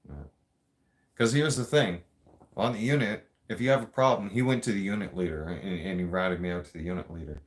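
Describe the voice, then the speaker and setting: A man with a very low voice tells stories in loose, casual chat. He talks bluntly, swears freely and laughs as he goes, like a podcast host riffing with no script. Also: fairly quick. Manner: blunt, profanity-heavy, laughs often. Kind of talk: casual storytelling.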